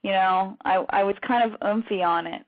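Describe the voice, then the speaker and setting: A woman radio show host chatting casually, telling stories quickly with frequent laughs. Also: medium pitch, fairly even intonation. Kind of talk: casual chat. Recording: tinny phone-line radio audio.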